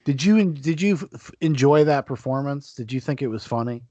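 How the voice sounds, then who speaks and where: A man's voice: medium pitch, animated, fairly quick, warm tone, dry recording, dull audio. A man hosting a casual podcast chat, swearing freely and slipping into mock-boastful rants. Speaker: podcast host.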